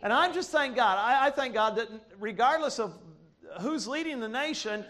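A man's voice: very high voice, lively intonation, moderate pace, fairly bright tone. A male pastor from Ohio preaching a sermon with emphatic, rising delivery and call-and-response.

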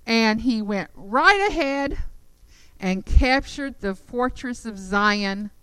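A woman teaches a Bible lesson, retelling the story with emphatic, animated delivery. Her voice sits fairly high and sounds smooth and resonant. The sound is close and dry. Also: takes it slowly, dry recording, low-quality recording.

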